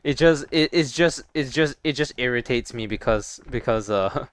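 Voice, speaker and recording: A man's voice: medium pitch, normal speed. A young man streaming a VR game, chatting casually with viewers in a rambling, stop-start way with some swearing. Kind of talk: casual gaming stream chat.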